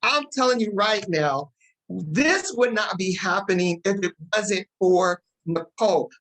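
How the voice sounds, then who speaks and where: A woman hosting a talk show, excited and emotional as she introduces her guest. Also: medium pitch, rough recording. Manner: excited, fast-talking, emotional.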